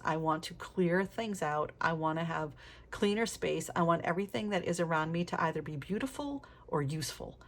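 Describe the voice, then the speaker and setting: A middle-aged woman chatting candidly while flipping through her planner, laughing often and swearing casually. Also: low-pitched. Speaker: planner vlogger. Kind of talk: casual flip-through chat.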